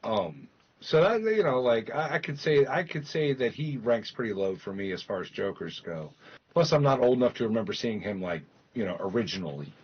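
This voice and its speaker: A man's voice: fairly low pitch, breathy edge. A man chatting casually on a game stream, swearing freely and jumping between jokes and asides. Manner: animated, swearing, quick asides and laughs. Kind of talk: casual gaming-stream chat. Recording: muffled lo-fi stream audio.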